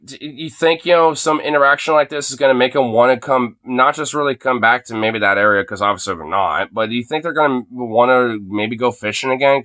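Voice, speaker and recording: A man's voice: medium pitch, bright, forceful tone. Rambling, swearing man on a live stream. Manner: rambling, heavy fillers and swearing. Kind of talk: casual ranting live stream. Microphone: phone.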